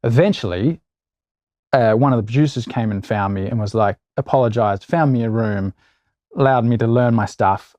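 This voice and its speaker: A man's voice: medium pitch, normal speed, no room sound, muffled recording. Australian man telling stories. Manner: animated anecdotes with quoted voices. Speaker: actor guest. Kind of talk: casual interview storytelling.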